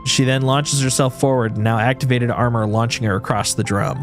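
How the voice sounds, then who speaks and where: A man's voice: medium pitch, fairly even intonation, normal speed, soft background music. Man narrating a video game aloud. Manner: second-person narration with frequent restarts. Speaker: streamer. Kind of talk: reading a video game's story aloud.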